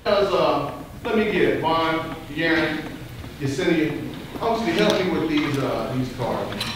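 A man's voice: on the high side, lively intonation, moderate pace, background noise. A man leading a group activity in a casual classroom, joking and coaxing people to try. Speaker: instructor. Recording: echoey room with group chatter.

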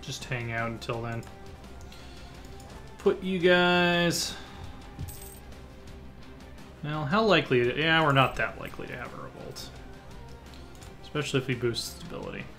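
A man narrates his own strategy game session in a casual, offhand way. He thinks out loud, restarts his sentences and mutters plans as he goes. His voice sits at an ordinary middle pitch, with faint music playing behind him. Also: expressive, moderate pace, long pauses. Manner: thinks aloud while clicking through menus, muttering half-finished plans. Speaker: let's play host. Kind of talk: casual gameplay commentary.

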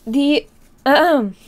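A young woman streamer in her twenties chatting casually, teary and laughing, rambling with many fillers. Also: sits high. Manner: emotional, laughing through tears, rambling with fillers. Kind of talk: casual live-stream chat.

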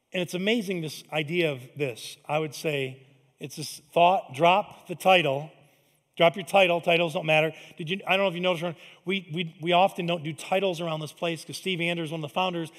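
Higher-voiced man preaching in an echoing hall. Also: a bit bright. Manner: conversational, emphatic preaching with asides. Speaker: pastor. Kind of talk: sermon. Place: large church hall.

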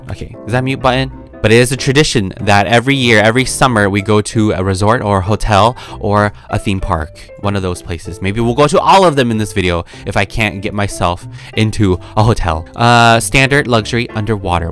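Playful, low-voiced male gaming host. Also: a bit bright. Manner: playful, chatty, frequent gasps and laughs. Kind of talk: casual gameplay commentary.

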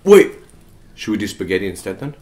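A woman's voice: extremely low pitch, sing-song, brisk, dark tone. A woman eating on camera with her child, chatting casually and coaxing between bites. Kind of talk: casual eating vlog chat.

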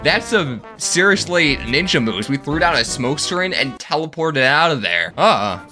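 Excitable joking gaming YouTuber. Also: male voice, fairly high pitch, slow, pauses often, faint music behind. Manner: excitable, joking, often laughing. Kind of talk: let's-play commentary.

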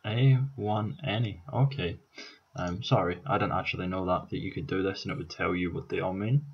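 Young Scottish man, low husky voice, casual and sweary, tired, dull lo-fi recording. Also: steady tone, moderate pace. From Scotland. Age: 20s. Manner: casual, sweary, thinking aloud with many ums. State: tired, up all night on coffee. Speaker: YouTuber. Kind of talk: casual vlog commentary.

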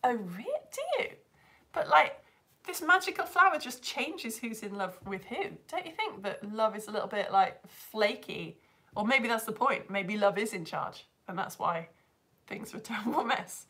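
A woman's voice: a little high, expressive, moderate pace, sharp tone. A young woman teaching online, chatting with viewers on a live stream, bubbly and laughing often as she greets people by name. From United Kingdom.

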